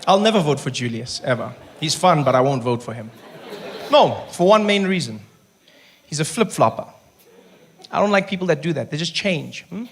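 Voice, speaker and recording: A man's voice: fairly high pitch, normal speed, long pauses. A male stand-up comedian with a South African accent, telling jokes playfully on stage and slipping into impressions. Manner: animated, playful, slips into impressions. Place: live comedy venue with audience. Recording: live show with crowd and noise. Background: audience crowd.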